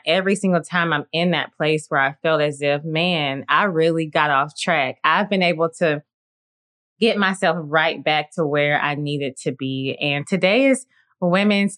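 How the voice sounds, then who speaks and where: A woman's voice: low-pitched, moderate pace, a bit bright. A woman in her late twenties hosting a faith-based solo podcast, talking in an earnest, encouraging and reflective way with lots of "like" and "you know". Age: late 20s. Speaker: podcast host.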